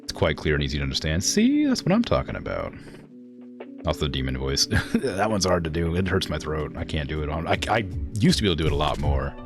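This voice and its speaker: A man from the United States chatting casually on a gaming livestream, talking in a relaxed, loose way that slurs his words. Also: a bass voice, quick pace, hardly any pauses, music in the background. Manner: relaxed, slurred, loose speech. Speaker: streamer.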